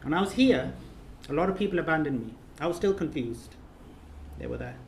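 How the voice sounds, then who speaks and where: In the reception room of an official residence, a man leading a course delivers an emotional thank-you speech. His slightly high voice is expressive and fairly quick, earnest and repetitive, with phrases climbing to emphatic peaks; the sound is roomy with slight background noise.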